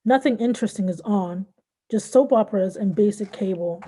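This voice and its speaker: A woman author reads her own short story aloud at a measured pace. Her voice is mellow and darkly colored, with a middle pitch. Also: husky. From born in Nigeria, raised in Southern California. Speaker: fiction writer reading her work. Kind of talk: literary reading.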